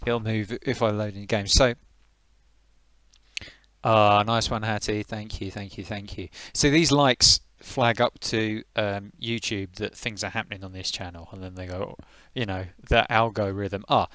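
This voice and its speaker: A man's voice: lowish voice, steady tone, measured pace, a bit bright, no room sound. A man casually chatting on a live stream, greeting viewers by name and thinking aloud as he tweaks his settings.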